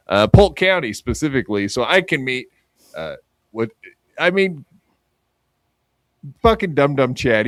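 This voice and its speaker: Low-voiced rambling crude man, dry sound. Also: no echo. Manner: rambling, crude, self-mocking, many fillers. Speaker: podcast host. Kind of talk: crude casual chat.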